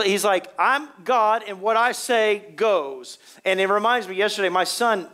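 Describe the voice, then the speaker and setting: Middle-aged male pastor, high voice, emphatic conversational preacher who repeats phrases. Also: a bit bright. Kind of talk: sermon.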